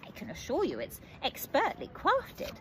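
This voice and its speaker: Lady putting on a fussy polite bird guy, clucky, kinda high, hiss in the background. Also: huge pitch swings, moderate pace, fairly bright tone, exaggerated voice. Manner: formal, courteous, clucking. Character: fussy polite male talking chicken-bird.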